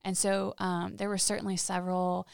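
A woman guest telling personal stories in an interview, halting and heartfelt, with frequent restarts. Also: mid-range voice, level tone, creaky, smooth, dry recording, studio quality. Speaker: podcast guest. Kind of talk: candid interview storytelling.

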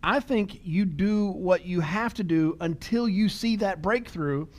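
A middle-aged man hosts a podcast in a high-pitched, somewhat dark voice, speaking unhurriedly. He chats casually, tells stories complete with quoted dialogue, and laughs easily.

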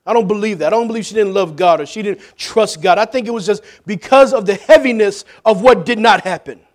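Man, pastor, high voice, sermon, loud jokes and hushed questions. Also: fairly quick.

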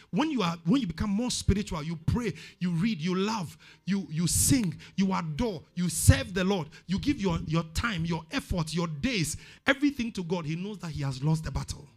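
Ghanaian pastor, high bright voice, emphatic repetitive preaching, soft music under. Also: male voice. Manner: emphatic preaching, repeats words for stress. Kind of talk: sermon.

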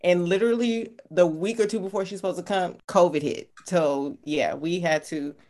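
A woman's voice: fairly low pitch, normal speed, a little mellow. A woman co-hosting a podcast from Texas, talking in an easygoing, chatty way. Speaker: podcast co-host. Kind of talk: casual podcast chat.

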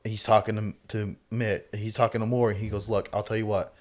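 A man's voice: on the low side, flat delivery, fairly quick, a little mellow. A man co-hosting a podcast, chatting casually and rambling through his explanations. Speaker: podcast co-host. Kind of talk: casual chat about acting.

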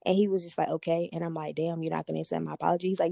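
Candid young woman telling a story with a mellow voice. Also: on the low side, very fast, vocal fry, hardly any pauses, dry recording, studio quality. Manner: candid, profane, animated storytelling. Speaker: podcast host. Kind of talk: casual storytelling chat.

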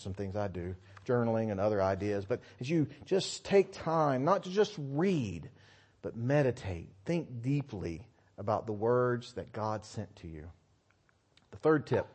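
Man preaching, quiet then emphatic. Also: medium pitch. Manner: swings between quiet asides and loud emphatic scripture reading. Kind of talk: sermon.

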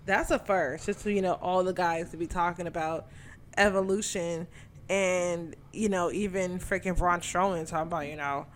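Casual co-host, young woman; animated, outspoken, laughs easily. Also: lowish voice, a little hiss or hum. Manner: animated, swearing, laughs often. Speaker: podcast co-host. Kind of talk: casual chat.

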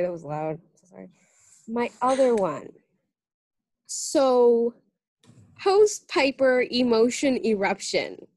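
A woman's voice: medium pitch, darkish tone, no echo. A young woman co-hosting a podcast in casual chat, giggly and talkative, with lots of "like". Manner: chatty, giggly, heavy use of "like". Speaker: podcast co-host.

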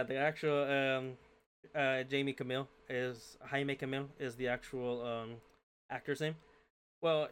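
A man's voice: mid-range voice, fairly bright tone, smooth. A man co-hosting a casual chat as a game master, rambling and hesitant, with many fillers. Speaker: podcast co-host and game master.

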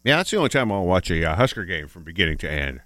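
A man's voice: sits low, very animated, fast, sharp tone, dry recording. A male radio co-host in morning banter, wry and easygoing with hesitant fillers.

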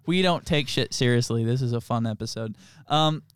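Rambling laughing man, smooth voice. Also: medium pitch, dry recording, clean studio sound. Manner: rambling, laughs often, filler-heavy storytelling. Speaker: podcast co-host. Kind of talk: casual chat.

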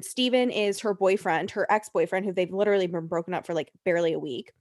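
A young woman recaps a reality show with her co-host, swearing freely and animated as she retells scenes. Her voice is dry and close, with no room sound. Her pitch sits in the middle range for a woman. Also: quick pace, hardly any pauses, no echo. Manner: blunt, profane, animated retelling. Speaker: podcast co-host.

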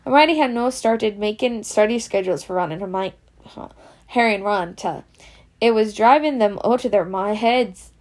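A woman's voice: mid-range voice, normal speed, darkish tone. A woman reading a children's novel aloud, slipping in Scots words. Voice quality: reads in a Scots voice, slips into dialect words. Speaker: reader.

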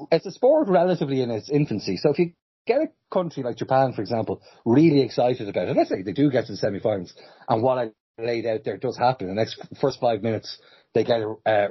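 Man, animated, rambling, husky, dull lo-fi recording. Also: mid-range voice. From Ireland. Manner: animated, rambling, self-interrupting. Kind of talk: casual sports chat.

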